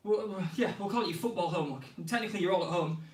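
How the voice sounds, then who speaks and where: A man coaching a live online football skills class. He is out of breath, counts reps out loud and cheers the players on. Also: high voice, racing, reverberant, far from the mic, low-quality recording. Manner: energetic, counts reps aloud and cheers students on.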